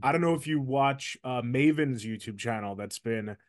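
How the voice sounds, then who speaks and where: A man's voice: medium pitch, moderate pace. A man hosting a casual interview, asking eager questions and reacting with enthusiasm. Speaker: interview host.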